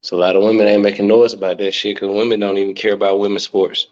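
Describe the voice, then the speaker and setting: Young guy hosting a podcast, blunt and cussing a lot, kinda low voice, muffled lo-fi sound. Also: little pitch movement, fast talker, a little mellow. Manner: blunt, profane, laughs easily. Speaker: podcast host. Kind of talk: casual chat. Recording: lo-fi dull audio.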